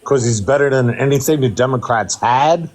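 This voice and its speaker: A man in his fifties calling into a livestream. He is gruff, hostile and profane with the hosts. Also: medium pitch, normal speed, darkish tone, a little hiss or hum. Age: 50s. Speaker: caller. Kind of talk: angry call-in debate.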